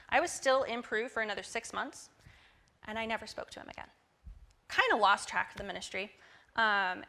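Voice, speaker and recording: Bright young woman sharing a testimony. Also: mid-range voice. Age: 20s. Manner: lively storytelling, acting out quoted dialogue. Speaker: church guest speaker. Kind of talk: personal testimony. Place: church service.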